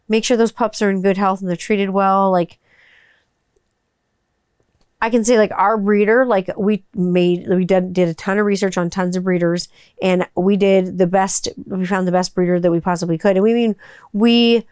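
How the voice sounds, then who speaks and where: A woman's voice: medium pitch, darkish tone, clean tone, no room sound, studio quality. A woman, chatting casually and rambling, full of "like" and the odd swear word. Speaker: vlogger. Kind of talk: casual chat.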